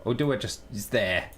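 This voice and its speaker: A man live-streaming his programming work, muttering through the code in an unhurried, halting way. His pitch moves around expressively, rising and dipping as he works things out, and he often cuts himself off mid-thought. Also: slight background noise. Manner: halting, self-interrupting, muttering while working. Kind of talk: live coding stream, thinking aloud.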